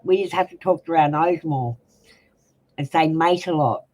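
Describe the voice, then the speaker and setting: A woman's voice: low voice, normal speed, darkish tone, poor audio. An Australian woman reading tarot live and chatting casually with viewers, blunt and talkative, now and then swearing. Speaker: tarot reader.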